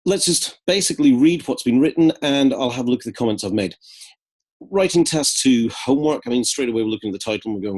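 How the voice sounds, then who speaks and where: A man giving a brisk, corrective lesson on an essay, reading lines aloud and commenting on the mistakes. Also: mid-range voice, a little mellow, slightly rough. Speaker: English writing tutor.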